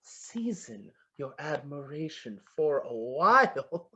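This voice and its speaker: An actor playing a flattering, lovestruck poet in an amateur online stage play, savoring each word and muttering to himself. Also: mid-range voice, slow pace, heavily acted. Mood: musing. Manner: florid, wooing, savoring words, muttering to himself. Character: lovestruck, flattering William Shakespeare, a playful poet.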